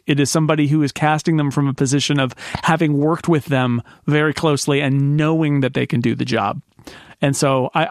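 A man's voice: medium pitch, gravelly, no room sound, studio quality. A man hosting a podcast, talking enthusiastically in casual chat with frequent fillers. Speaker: podcast host.

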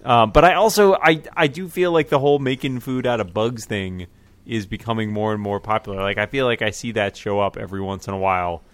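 A man's voice: lowish voice, a little fast, no room sound. A man co-hosting a podcast, talking casually in a jokey, rambling way with lots of restarts. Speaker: podcast co-host. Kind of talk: casual chat.

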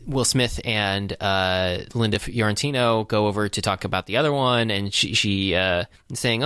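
A man casually recapping a movie scene by scene, rambling and halting with lots of fillers. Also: lowish voice, fairly bright tone, smooth, no echo.

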